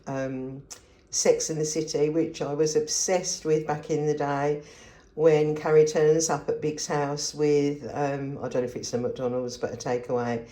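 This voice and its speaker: A woman's voice: deep voice, warm tone, roomy sound. An older woman from England chatting casually to camera in her kitchen, rambling cheerfully through her shopping. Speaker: frugal living vlogger.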